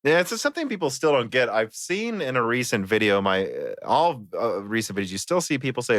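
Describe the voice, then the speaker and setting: Lively, bright-voiced podcast host. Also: male voice, mid-range voice, a little fast, hardly any pauses, no room sound, clean studio sound. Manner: animated, chatty, reads listener mail. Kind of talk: casual podcast chat.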